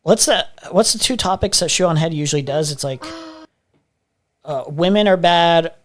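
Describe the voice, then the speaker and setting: An American man hosts a livestream, reacting to clips in a casual, chatty way; he laughs often, swears, and repeats himself. His voice sits on the high side and moves at a moderate pace.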